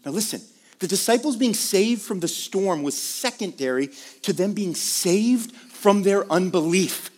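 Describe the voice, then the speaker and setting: A man's voice: sits high, animated, unhurried, darkish tone, big-room sound. A man preaching a conversational sermon, moving from casual asides to emphatic questions. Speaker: pastor.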